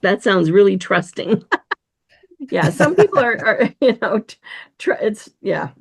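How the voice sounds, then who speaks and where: A woman's voice: medium pitch, big pitch swings, unhurried, creaky, breathy edge. A woman hosting an interview podcast who asks questions and sums up points, often ending with "right?". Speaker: podcast host.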